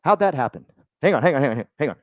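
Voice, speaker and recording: A man speaking to a live group at a business meeting, joking and acting out quick voices as he goes. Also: fairly high pitch, big pitch swings, dry recording, dull audio. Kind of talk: motivational talk to a live group.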